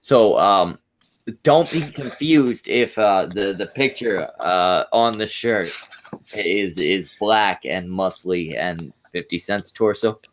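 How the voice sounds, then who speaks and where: A low-voiced man riffs crude jokes with friends over a voice call. He speaks haltingly and deadpan, stumbling through fillers and restarts. His delivery stays dry even at his filthiest. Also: a little hiss or hum. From Canada. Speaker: podcast co-host. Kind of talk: crude casual banter.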